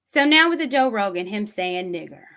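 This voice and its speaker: A woman's voice: medium pitch, expressive, sharp tone. Earnest woman telling a story. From Tennessee, USA. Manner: earnest, reflective, unhurried storytelling. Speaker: vlogger. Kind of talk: personal storytelling commentary.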